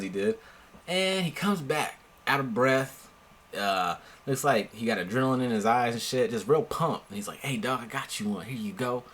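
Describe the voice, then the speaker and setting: A young man telling a story from his own life in a laid-back, slangy, animated way. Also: mid-range voice, husky. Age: young adult. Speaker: storyteller vlogger. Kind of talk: casual storytelling.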